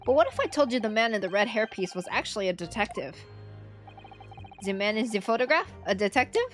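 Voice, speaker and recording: A woman voicing a composed young male defense lawyer who speaks in a measured, formal way. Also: mid-range voice, expressive, faint music behind, lightly acted. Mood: calm.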